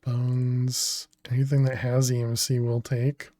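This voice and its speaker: A man streams a game in an unhurried, chatty way, musing over his moves and answering viewers between laughs. His voice is mellow and low-key at an ordinary pitch, recorded close and dry. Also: no echo. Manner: chatty, thinks aloud and answers chat messages; laughs often, relaxed and unhurried. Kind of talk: casual gaming livestream commentary.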